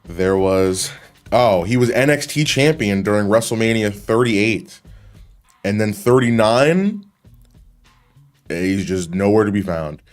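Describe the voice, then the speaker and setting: A man's voice: on the low side, expressive, slow pace, long pauses, soft background music. A man giving casual, rambling reaction commentary on wrestling clips, swearing freely and laughing often.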